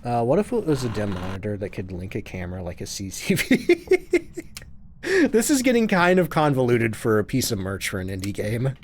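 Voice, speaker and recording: A man's voice: mid-range voice, wildly swooping pitch, normal speed, slight background noise. A man casually chatting on a live game stream, reading out chat questions and answering them while he plays.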